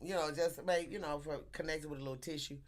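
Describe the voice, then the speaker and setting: A woman telling a story in casual chat, animated and laughing often, acting out the people in it. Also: low-pitched, fast. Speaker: teacher.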